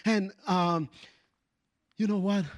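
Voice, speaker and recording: A man preaching a passionate sermon in English, which is not his first language, repeating phrases and rising to shouts of praise. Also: high-pitched, steady tone, slow, no echo.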